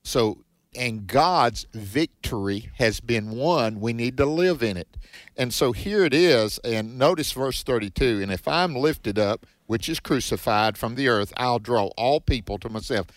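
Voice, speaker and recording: A man's voice: medium pitch, lively intonation, unhurried, no room sound. Man, earnest preacherly Bible talk, dry close sound. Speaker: Bible teaching show co-host. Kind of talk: conversational Bible teaching.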